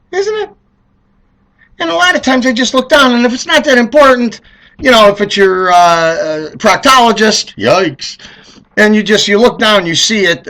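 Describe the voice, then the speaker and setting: A middle-aged man telling comedic stories in a rambling, animated way, acting out voices. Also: high voice. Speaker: car dealer telling stories. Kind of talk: comedic monologue.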